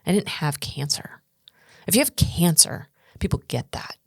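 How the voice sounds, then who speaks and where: Her voice is deep, gravelly and slightly rough, and she takes her time. A middle-aged woman from the United States, she's a guest speaker and coach sharing her story earnestly on a podcast, acting out others' lines with animation. The recording is dry and clean, studio quality.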